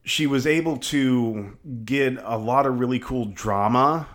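A man co-hosting a casual film review chat. His voice sits at an ordinary middle pitch, and he hedges as he talks, circling back with fillers and restarts. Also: a little slow, fairly bright tone. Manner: hedging, frequent "like" and restarts. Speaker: film podcast co-host.

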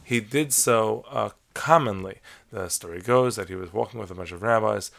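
A man giving a measured, explanatory Torah lesson, weaving Hebrew terms into his teaching. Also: on the low side, vocal fry, a bit bright. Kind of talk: lecture-style lesson on Talmud stories.

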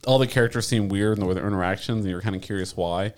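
A man co-hosting a podcast, chatting casually with a low voice. He talks quickly, rambling through fillers and cursing freely. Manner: rambling, filler-heavy, profane. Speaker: podcast co-host. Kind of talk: casual chat.

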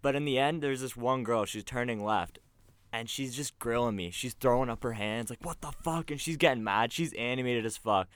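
A man's voice: mid-range voice, moderate pace, a bit bright, smooth, no echo. A young man, telling a story on a casual podcast, acting out the quotes and swearing freely. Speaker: podcast co-host.

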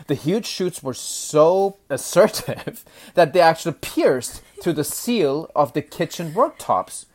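A woman co-hosting a casual chat, telling odd news stories in a playful, expressive way. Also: rumbling low. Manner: playful, expressive storytelling with laughs. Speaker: co-host.

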